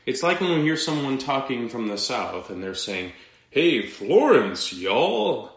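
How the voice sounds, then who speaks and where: A man preaching a sermon as pastor, in a slow, dramatic delivery with pauses and sudden drops to quiet. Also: medium pitch, big pitch swings. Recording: echoey room, dull lo-fi sound.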